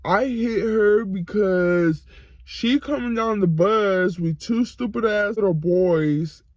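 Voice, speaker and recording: A woman's voice: mid-range voice, takes it slowly, darkish tone, dry recording, natural voice. A woman voicing her angry stepfather, dismissive and swearing as he accuses her. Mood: accusing. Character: angry stepfather, grown man, scornful and accusing.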